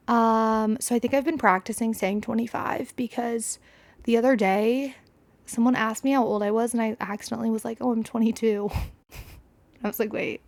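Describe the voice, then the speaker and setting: A woman's voice: fairly high pitch, no echo. A woman in her twenties hosting a podcast, telling a personal story in a chatty, rambling way full of fillers and self-deprecating asides. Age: 20s. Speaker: podcast host. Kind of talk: casual solo storytelling.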